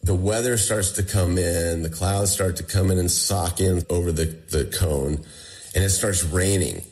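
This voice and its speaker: Deep-voiced and unhurried, a man shares his survival story in a conversational interview. His retelling is animated, and he performs the quoted words of the people around him.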